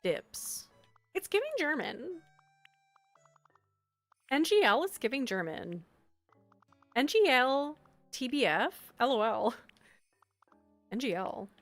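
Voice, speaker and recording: A Canadian woman chatting on a live stream, reading chat aloud and reacting with sudden bright exclamations. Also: high-pitched, very animated, slow pace, pauses often, no room sound, faint music behind.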